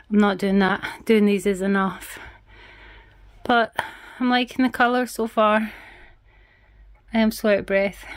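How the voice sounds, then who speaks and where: A woman's voice: mid-range voice, no echo. Chatty Scottish woman vlogging at home. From Scotland. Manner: chatty, frank, self-deprecating. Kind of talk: casual vlog chat while working. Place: small house, indoors, redecorating.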